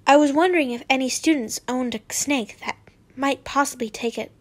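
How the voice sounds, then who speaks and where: Woman reading anxious schoolboy wizard, urgent, high voice. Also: brisk. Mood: worried. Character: anxious teenage boy wizard student.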